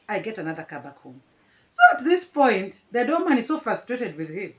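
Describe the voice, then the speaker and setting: A woman's voice: on the high side, sing-song, normal speed, lo-fi sound. A middle-aged Kenyan woman, a teacher, vividly tells a story to a phone camera at home. She is boastful and dramatic and laughs often. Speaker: vlogger and teacher. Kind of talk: animated storytelling.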